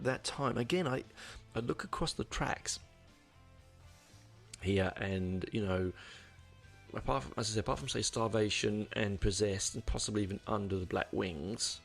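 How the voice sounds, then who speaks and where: A man's voice: on the low side, vocal fry. A man hosting a podcast, rambling through a casual album review with many fillers and restarts. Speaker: podcast host.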